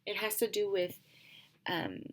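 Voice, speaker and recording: A woman's voice: medium pitch, steady tone, measured pace. A young woman giving a casual class presentation as a student, hesitant and full of filler ums.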